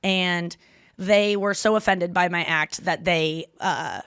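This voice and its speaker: A woman hosting a podcast, telling stories in casual chat with quick asides and self-corrections. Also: on the low side, steady tone, fairly bright tone, smooth, no room sound, clean studio sound. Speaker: podcast host.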